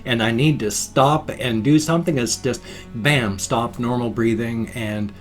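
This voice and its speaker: Older guy vlogging, folksy homespun sayings, kinda rambly, average pitch. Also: steady tone, measured pace, soft background music. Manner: folksy, chatty, explains at length with homespun sayings. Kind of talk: casual rambling vlog talk.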